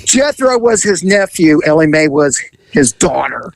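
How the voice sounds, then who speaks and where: A man's voice: a little high, measured pace, vocal fry, no echo, rough recording. A man hosting a podcast, telling a comic police story with laughter and voice impressions. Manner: animated, laughing, mimics voices.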